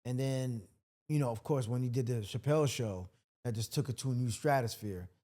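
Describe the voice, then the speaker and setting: Mellow-voiced man telling stories. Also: mid-range voice, fairly quick. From Washington, D.C. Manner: storytelling, acts out quotes loudly. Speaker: comedian guest. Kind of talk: casual podcast chat.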